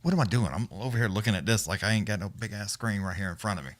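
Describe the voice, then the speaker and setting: A man's voice: lowish voice, racing, dry recording. Loose, swearing livestream host, man. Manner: loose, rambling, profane, chuckling. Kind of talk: casual profane storytelling chat.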